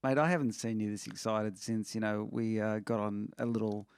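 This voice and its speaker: A man's voice: fairly low pitch, steady tone, normal speed, clear, resonant tone, no room sound, clean studio sound. A man hosting a casual chat, chiming in with matey prompts and shared memories. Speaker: podcast host.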